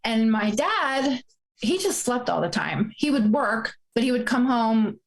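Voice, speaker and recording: A woman's voice: fairly high pitch, expressive, measured pace, low-quality recording. A woman in her forties telling a painful personal story, fighting back tears as she speaks. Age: 40s. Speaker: guest.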